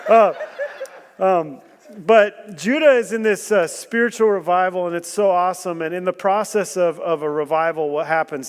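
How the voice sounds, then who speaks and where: A man preaching a sermon, animated and joking, asking the room questions and bursting into loud emphasis. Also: high-pitched, clean tone. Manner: animated storytelling with jokes and rhetorical questions. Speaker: guest preacher. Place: church hall. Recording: long church hall reverb.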